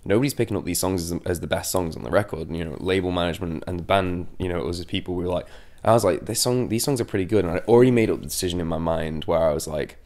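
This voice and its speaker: Low-pitched and dark in tone, this English singer from a band talks in rapid-fire bursts during a casual interview. He's candid and rambling, cutting himself off and restarting sentences frequently.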